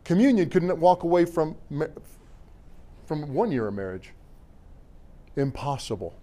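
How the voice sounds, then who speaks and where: A middle-aged man preaching a sermon as pastor in a church, animated and joking with the congregation between scripture readings. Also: fairly high pitch, measured pace. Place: church sanctuary.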